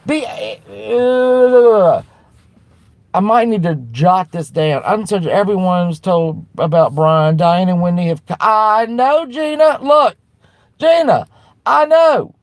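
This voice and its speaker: A woman hosting a livestream, ranting bluntly with lots of swearing and restarts while answering her chat, then turning soft to apologize. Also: lowish voice, takes it slowly, no room sound. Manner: blunt and profane, with frequent restarts; fired-up and defiant, turning soft when apologizing. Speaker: livestream host.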